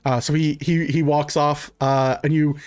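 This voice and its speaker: A man's voice: on the high side, little pitch movement, moderate pace, darkish tone, clear, resonant tone, no echo, faint music behind. A man narrating as game master in a loose, rambling way with many fillers.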